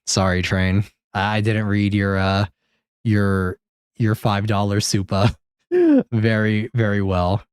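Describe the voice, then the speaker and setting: A man streaming a game live, rambling and joking with chat, swearing now and then, with sudden high-pitched exclamations. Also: lively intonation, slow pace, clear, resonant tone, dry recording, studio quality. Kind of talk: live gameplay commentary.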